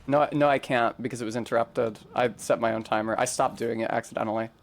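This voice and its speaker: A man hosting a gaming stream, excitable and swearing, talking over his play with quick jokey asides. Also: medium pitch, creaky. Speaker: streamer host. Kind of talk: casual gaming stream chat.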